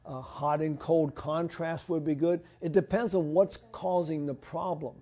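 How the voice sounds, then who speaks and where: Man, health speaker, mellow voice, a bit high, answering questions, rambling. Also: steady tone, a little slow. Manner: practical, rambling with restarts. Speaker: health lecturer.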